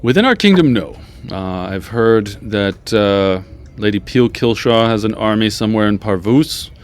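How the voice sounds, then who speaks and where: A man voicing a stern, battle-loving older male temple leader with a halting, clumsy go at a Scottish accent. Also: fairly low pitch, animated, a little hiss or hum, close to an everyday voice. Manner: gruff, clipped, halting attempt at a Scottish accent. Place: backyard.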